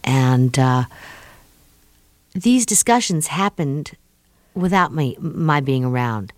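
A middle-aged woman from New York, a guest speaking thoughtfully in an interview and pausing often with fillers. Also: low voice, lively intonation, no echo. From New York, USA. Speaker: guest, author of an autobiography. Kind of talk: reflective interview talk.

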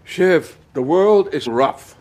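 A domineering older patriarch. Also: male voice, a little high, lively intonation, slow, a little mellow. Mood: defiant. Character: domineering older male media patriarch, blunt and defensive. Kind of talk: television drama scene.

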